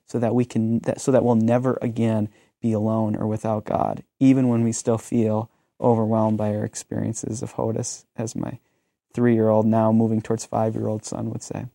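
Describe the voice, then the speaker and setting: A man's voice: lowish voice, level tone, normal speed, vocal fry, mellow, no room sound, clean studio sound. A man in his thirties, a pastor and teacher, talking earnestly about ministry and telling stories in a conversational way. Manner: earnest, storytelling, frequent "um".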